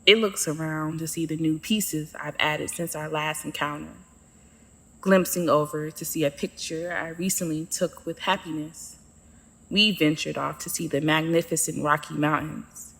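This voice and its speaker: A woman's voice: sits low, fairly bright tone, long reverb tail. A woman narrating her own story in the first person, with a sassy, sarcastic manner.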